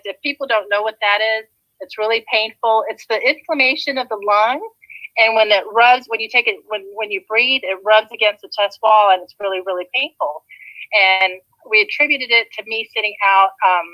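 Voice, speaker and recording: A woman's voice: medium pitch, no room sound, muffled recording. A woman from Atlanta, a nurse, telling a long personal product testimonial in a chatty way with many fillers and restarts. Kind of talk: casual testimonial.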